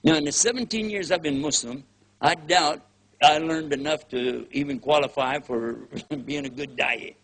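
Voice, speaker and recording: A man's voice: a little high, normal speed, a bit bright. An older man with a Texan accent giving a casual, joking lecture as a preacher, acting out little scenes in other voices. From Texas, USA. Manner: folksy, joking, acts out scenes in quoted voices.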